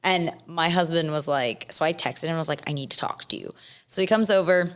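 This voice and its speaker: Young woman, slightly low pitch, casual chat, animated storytelling, acts out quotes. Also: brisk. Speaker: podcast guest.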